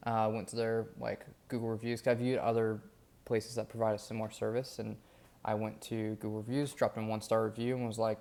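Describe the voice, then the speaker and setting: Low, gravelly-voiced man vlogging candidly. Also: level tone, brisk, darkish tone. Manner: rambling, candid, many fillers. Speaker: vlogger documenting his days. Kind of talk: casual daily vlog.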